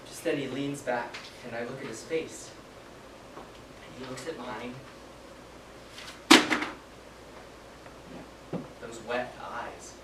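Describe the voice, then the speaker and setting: An actor playing a young private haunted by sparing an enemy prisoner, in a dramatic stage monologue, halting and hushed, breaking into frantic shouting. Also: medium pitch, close to an everyday voice. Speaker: soldier recounting a war memory. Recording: echoey room from far off, with background noise.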